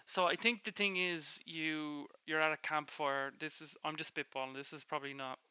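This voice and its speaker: A young man co-hosting a casual gaming podcast, teasing and quick to laugh. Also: fairly high pitch, steady tone, sharp tone, clear, resonant tone, dry recording. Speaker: podcast co-host. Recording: dull lo-fi mic.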